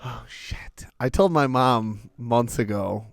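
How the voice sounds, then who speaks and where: A young man co-hosting a casual podcast, teasing his friend with profane, quick comebacks. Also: mid-range voice, creaky, dry recording, studio quality. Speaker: podcast co-host. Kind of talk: casual crude banter.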